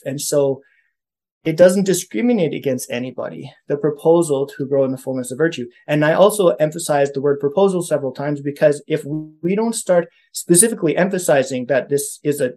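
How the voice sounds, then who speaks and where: Earnest man with a higher voice. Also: a little mellow. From Canada. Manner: earnest, thinking aloud with many restarts. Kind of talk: casual podcast chat on faith.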